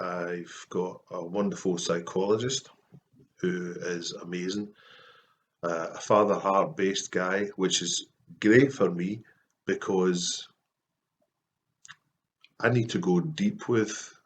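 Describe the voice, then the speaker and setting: A Scottish man with a lowish voice speaks to camera in a casual, heartfelt vlog. He talks softly and earnestly, with frequent pauses and fillers. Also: steady tone. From Scotland. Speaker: Christian artist vlogger.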